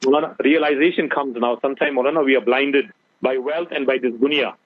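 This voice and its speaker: A man's voice: medium pitch, fairly even intonation, fairly quick, slightly rough, dry recording. Earnest man preaching over a phone line. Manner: earnest, preaching, mixes Urdu phrases. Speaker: guest Islamic scholar. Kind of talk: radio talk show advice.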